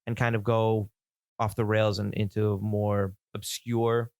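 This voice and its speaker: A man's voice: fairly low pitch, flat delivery, measured pace, no room sound, studio quality. A man co-hosting a casual film podcast, thinking aloud with restarts and easy laughter. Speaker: podcast co-host.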